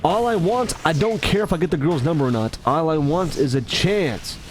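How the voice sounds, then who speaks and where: Animated high-voiced male commentator. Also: moderate pace, slight background noise. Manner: animated, self-mocking, acts out his own lines. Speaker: gaming commentator. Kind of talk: casual rambling commentary.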